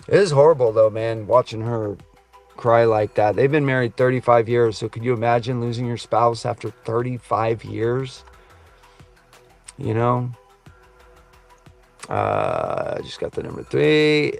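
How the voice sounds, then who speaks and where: Middle-aged trucker streamer, gravelly voice, casual and earnest, faint music behind. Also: male voice, medium pitch, animated, unhurried. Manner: rambling, earnest, says man and brother a lot. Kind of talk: casual live stream chat reading comments. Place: truck cab.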